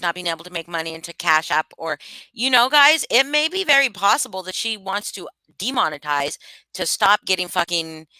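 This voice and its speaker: Bright-voiced woman hosting a casual stream. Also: on the low side, smooth, no echo, rough recording. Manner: casual, swears freely, laughs often. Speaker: livestream host. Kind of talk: casual livestream chat.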